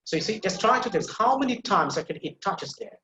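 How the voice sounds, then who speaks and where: A man's voice: sits high, expressive, quick pace, pushed and bright, echoey room. A man teaching English pronunciation in a live online class, patiently repeating words and restarting phrases as he explains, heard over a video call. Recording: slightly muffled video-call audio.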